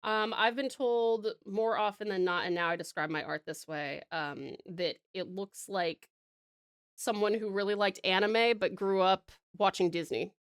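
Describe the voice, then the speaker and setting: A woman's voice: medium pitch, measured pace, clear, resonant tone, no room sound, studio quality. A woman with an Australian accent from Tasmania, chatting casually on a live art stream and rambling with lots of "um" and "like". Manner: calls her viewers sweet pet names. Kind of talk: casual live-stream chat while drawing.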